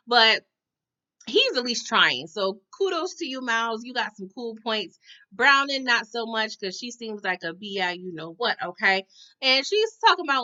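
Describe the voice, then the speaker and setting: A woman's voice: fairly high pitch, normal speed, pushed and bright. A woman recapping a TV episode in casual chat, with sassy slangy asides and lots of "you know" and "okay?" tags. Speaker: TV recap reviewer. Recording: dull lo-fi sound.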